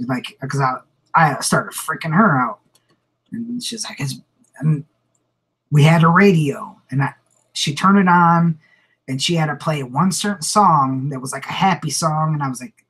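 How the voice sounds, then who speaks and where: A man's voice: on the high side, lively intonation, moderate pace, a bit bright, breathy edge, poor audio. A man, vlogging and telling a rambling personal story, repeating words and laughing as he goes. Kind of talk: casual storytelling to camera.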